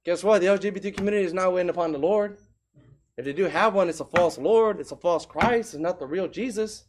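A man's voice: high voice, quick pace, a little hiss or hum. A man preaching a sermon with emphasis, putting rhetorical questions to the congregation.

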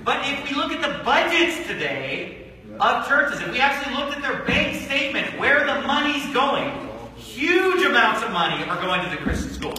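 A man's voice: extremely high pitch, sing-song, moderate pace, pushed and bright, heavy reverb, long reverb tail, far from the mic, low-quality recording. A man preaching a fiery sermon as a pastor, firing off repetitive rhetorical questions with sarcastic asides. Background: congregation calling out amens.

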